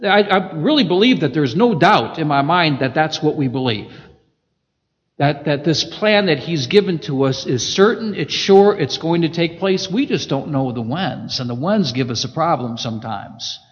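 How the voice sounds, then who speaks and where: A man preaching a sermon, reading scripture and swinging between loud emphasis and hushed passages. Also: fairly high pitch, lively intonation, normal speed. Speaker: pastor. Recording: echoey hall, dull lo-fi sound.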